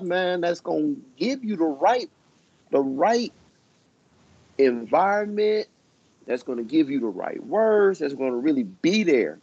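A man's voice: on the high side, sing-song, a little slow, a little mellow, breathy edge, no room sound. A man in his thirties, a coach and teacher, giving emphatic, preachy advice on a podcast. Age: 30s. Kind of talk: casual podcast chat. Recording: dull, dry lo-fi recording.

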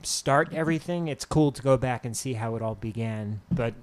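A man giving relaxed, easygoing remarks in a casual video game chat. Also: mid-range voice, moderate pace.

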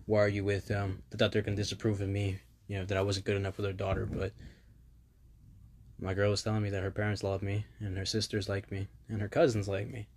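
A man's voice: on the low side, monotone, quick pace, a little hiss or hum. Rambling, self-deprecating young man. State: strained voice. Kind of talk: casual solo monologue.

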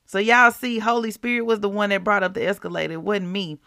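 A woman's voice: medium pitch, flat delivery, fast, fairly bright tone, dry recording, studio quality. A woman hosting a devotional podcast, chatting casually and asking the listeners rhetorical questions.

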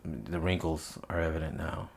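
A man's voice: rumbling low, moderate pace, gravelly. A man in his forties hosting a casual chat, telling joking stories and laughing through his punchlines. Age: 40s.

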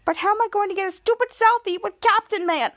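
A bossy little girl who whines and pleads, then snaps at her brother, as a woman puts her on. The voice sits very high and sounds dry and close. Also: fast, a bit bright, no echo. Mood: snappish. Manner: pleading and snappish. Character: young girl, bossy and whiny.

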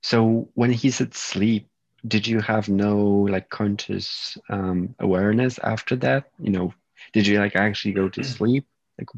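A man's voice: lowish voice, fairly even intonation, a little slow, slightly rough, no room sound. A male podcast co-host who asks curious questions and explains things in a casual chat. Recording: dull, dry lo-fi recording.

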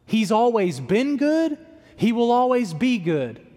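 Young male pastor, fairly high voice, casual preaching style, live church-hall reverb. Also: big pitch swings, slow pace, dark tone. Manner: conversational preaching, acts out quoted self-talk. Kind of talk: sermon.

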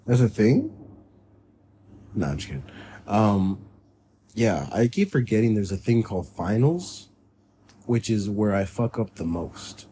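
A man's voice: on the low side, mellow, slight background noise. A young man co-hosting a podcast in casual chat, joking, swearing freely and laughing often. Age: young adult. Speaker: podcast co-host.

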